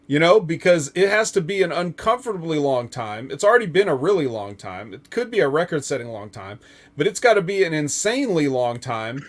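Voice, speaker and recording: Male podcast host, raised pitch, loose rambling delivery, filler-heavy. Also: lively intonation, a little fast. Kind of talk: casual wrestling chat.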